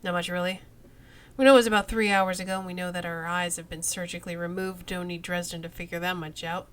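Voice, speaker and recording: A woman's voice: fairly low pitch, flat delivery, quick pace, fairly bright tone, a little hiss or hum, natural voice. Corrupt male cop, slick, wheedling, streetwise, woman doing the voice, game dialogue. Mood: wry. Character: sleazy male cop fishing for bribes, sly.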